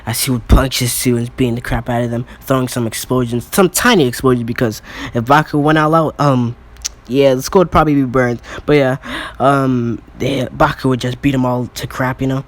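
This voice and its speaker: A man improvising a fan story as narrator in a mid-pitched, ordinary voice. He rambles along, pausing for fillers and correcting himself, and keeps checking that listeners follow. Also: fairly even intonation. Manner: rambling, many fillers and restarts. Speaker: channel storyteller.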